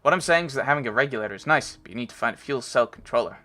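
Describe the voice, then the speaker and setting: A man's voice: medium pitch, lively intonation, very fast, fairly bright tone, lightly acted. A man voicing a folksy, boastful old male mechanic from a game, with a homespun drawl and background music.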